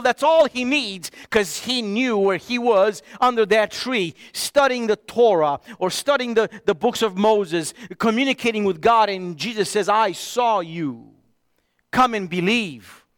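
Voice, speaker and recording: High-voiced pastor preaching with passion. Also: male voice, no echo, studio quality. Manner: impassioned, drops to a hush for emphasis. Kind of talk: sermon.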